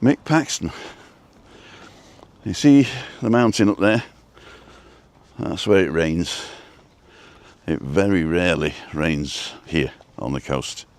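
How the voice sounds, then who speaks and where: A man live-streaming as he walks outdoors by the coast, chatty and rambling, a little out of breath from walking briskly. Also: low-pitched, no room sound. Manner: chatty, rambling, greets viewers by name. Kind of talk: casual walk-and-talk live stream.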